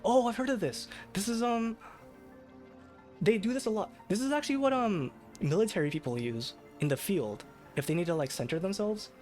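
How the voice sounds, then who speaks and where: A man's voice: high voice, lively intonation, moderate pace, a little mellow, faint music behind. A man streaming late at night, chatting casually in a rambling, self-deprecating way with lots of fillers and restarts. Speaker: VTuber streamer. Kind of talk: casual live-stream chat.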